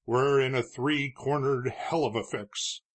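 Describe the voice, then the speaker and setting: A man's voice: medium pitch, steady tone, unhurried, close to an everyday voice. A man reading a worried old judge. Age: older. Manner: earnest, pleading. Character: elderly male town judge, worried and shrewd.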